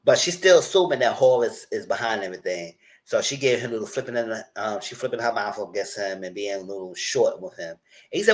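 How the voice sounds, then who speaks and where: A man runs through a TV episode in a casual live stream, speaking straight to his audience. His voice swings widely in pitch and bursts into the characters' lines as he retells each scene. The delivery stays loose and conversational throughout. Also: fast talker. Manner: animated, acts out characters' lines in quotes; chatty, addresses viewers directly. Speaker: TV show reviewer.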